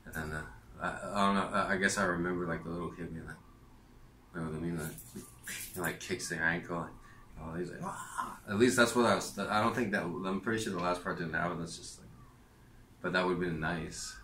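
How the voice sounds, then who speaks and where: Very deep-voiced man ranting. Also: fairly even intonation, brisk, pushed and bright, echoey room, a little hiss or hum. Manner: meandering, many fillers and restarts. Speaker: vlogger. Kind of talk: rambling personal rant.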